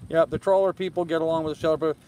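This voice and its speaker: Moored in a harbor on an evening outdoors, an older sailing vlog host reads viewer comments aloud on his livestream and replies in an easygoing, rambling manner laden with fillers. He talks quickly in a slightly high, steady tone over background noise.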